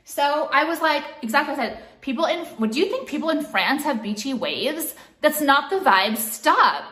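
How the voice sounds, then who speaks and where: A woman makeup vlogger rants at home in an exasperated, profane monologue, dropping "like" into nearly every sentence. Her high voice has a sharp tone and lively intonation at a moderate pace, and the room is echoey.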